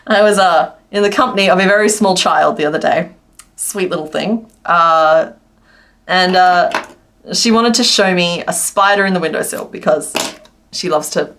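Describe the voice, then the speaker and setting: A woman's voice: mid-range voice, moderate pace, a bit bright. A woman chatting casually on a crochet livestream, rambling and laughing often. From Australia. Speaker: crochet streamer.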